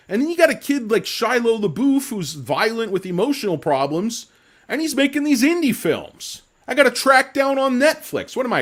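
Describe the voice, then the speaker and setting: Animated, ranting male stock commentator. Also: very high-pitched. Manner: profane, sarcastic, rambling with comic insults. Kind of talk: casual ranting market commentary.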